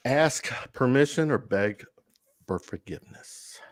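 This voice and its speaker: A man's voice: mid-range voice, expressive, a little slow, no echo. A man hosting a podcast, teasing his co-hosts and restarting his sentences often. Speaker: podcast host. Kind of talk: casual chat.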